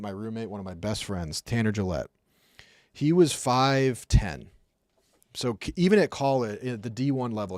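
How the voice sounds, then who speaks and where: A man's voice: lowish voice, no room sound, clean studio sound. A young man streaming, casually talking through hockey clips in a chatty, rambling way with lots of fillers. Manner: chatty, rambling, acts out sounds, many fillers. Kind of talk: casual commentary.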